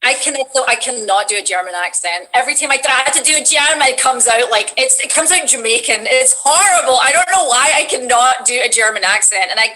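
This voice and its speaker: A woman with a bright, crisp-toned voice pitched a little high chats as a guest over a video call. She rambles in a self-mocking way and uses lots of fillers. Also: animated, a little fast, few pauses, rough recording. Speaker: voice actress guest. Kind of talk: casual chat.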